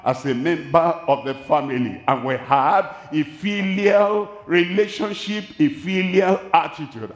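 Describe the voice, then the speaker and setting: A man with a Nigerian accent preaching a sermon at a large crusade, speaking slowly and deliberately, repeating his key phrases. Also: a little high, lively intonation. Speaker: pastor. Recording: echoey hall, voice from a distance.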